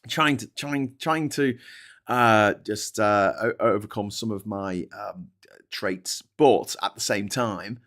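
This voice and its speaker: A man's voice: on the low side, slow pace, fairly bright tone. A man hosting a casual live-stream show, reading out news and commenting with sarcasm, swearing and many restarts. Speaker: host.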